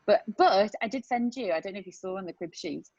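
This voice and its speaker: A woman talking as a medical guest on a podcast, emphatic and animated as she explains. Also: medium pitch, fast, no echo. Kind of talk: casual podcast chat. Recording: dull dry podcast audio.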